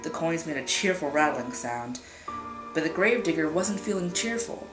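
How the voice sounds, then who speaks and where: A woman with a fairly low voice reads a scary tale aloud, drawing it out for suspense and whispering the sound effects. The recording is echoey and roomy, with music running behind her. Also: expressive, moderate pace. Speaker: storyteller. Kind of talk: scary story read aloud.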